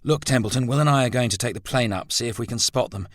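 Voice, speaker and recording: A man voicing a brisk, decisive gentleman who takes charge. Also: mid-range voice, no room sound, studio quality, pitched above the performer's own voice, close to an everyday voice. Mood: urgent.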